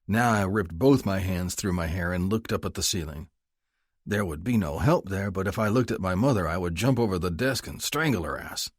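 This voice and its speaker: A young adult man narrating a romance audiobook in first person, with a blunt, gruff delivery. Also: low-pitched, lively intonation, moderate pace, no room sound, studio quality.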